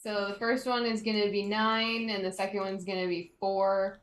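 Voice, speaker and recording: Casting: woman player, mid pitch, unsure pacing, roomy echoey recording. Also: flat delivery, moderate pace. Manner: hesitant, fillers while planning her turn. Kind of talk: tabletop role-play.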